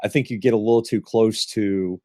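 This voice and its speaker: Halting low-voiced man hosting, dry. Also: steady tone, a little mellow, no room sound. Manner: halting, thinks aloud with fillers. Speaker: podcast host. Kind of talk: casual podcast chat.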